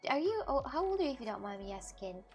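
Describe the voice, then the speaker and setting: A woman's voice: on the high side, sing-song, fast talker, darkish tone, faint music behind. A woman streamer chatting casually with her live chat, laughing often and restarting her sentences. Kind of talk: casual IRL livestream chat.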